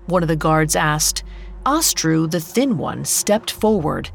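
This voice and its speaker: A woman telling a fairy tale as a scripted podcast narration, measured and unhurried. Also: deep voice, expressive, creaky, a little hiss or hum. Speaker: storyteller.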